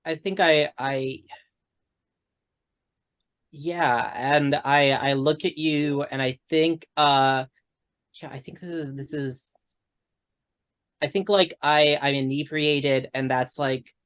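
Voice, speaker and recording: A player in a tabletop role-playing game, speaking haltingly and repeating words. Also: medium pitch, steady tone, fairly bright tone, clean tone, no room sound. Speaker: player voicing August.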